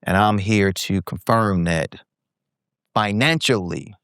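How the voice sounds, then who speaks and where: A man in his forties with a smooth, resonant voice that sits a little low. He tells a candid story as a podcast guest and slips into animated impressions of the people he quotes. The sound is dry and close, with no room around it. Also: moderate pace, dry recording. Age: 40s. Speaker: guest entrepreneur.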